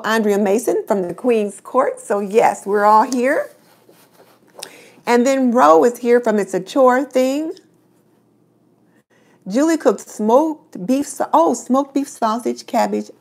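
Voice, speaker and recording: Middle-aged lady doing a casual live stream chat, greeting everyone by name, a bit high pitched. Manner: chatty, greets viewers by name.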